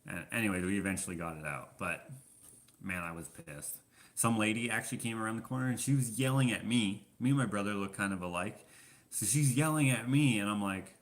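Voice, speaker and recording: Rambling low-voiced man vlogging. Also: normal speed, fairly bright tone. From Canada. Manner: rambling storyteller, many fillers. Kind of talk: casual Q&A vlog chat.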